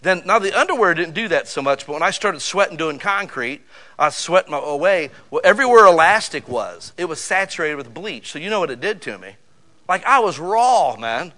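A male pastor delivers a conversational sermon with a bright, slightly high-pitched voice. He spins folksy anecdotes, drops casual asides, and keeps pressing the congregation with rhetorical questions. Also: moderate pace. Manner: animated storytelling with rhetorical questions; folksy, conversational, uses "man" and "you know".

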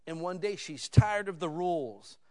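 A man in his fifties preaching a sermon, talking with his listeners in a storytelling way that swings from hushed asides to loud, excited moments. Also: high-pitched, normal speed. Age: 50s. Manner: conversational, addresses listeners as "guys". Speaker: pastor.

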